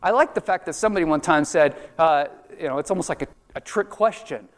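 A man preaching a sermon in a chatty, animated way, acting out the voices in the story. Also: on the high side, quick pace. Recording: long reverb of a large hall.

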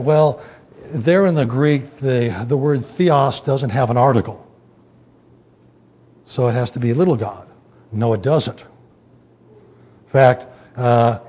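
Husky man teaching a Bible study. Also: mid-range voice, darkish tone. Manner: explanatory, emphatic, with frequent fillers and restarts.

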